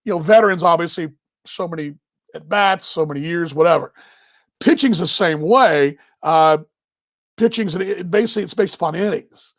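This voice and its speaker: High-voiced rambling sportscaster man. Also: no room sound. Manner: rambling, emotional, talks while handling gear. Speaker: baseball broadcaster hosting a live show. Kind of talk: casual live stream chat.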